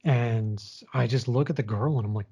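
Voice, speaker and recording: A man's voice: medium pitch, moderate pace, mellow, breathy edge, muffled recording. Candid, swearing man in his late twenties. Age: late 20s. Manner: candid, swears often, long-winded storytelling. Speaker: guest sharing his story. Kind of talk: casual conversation.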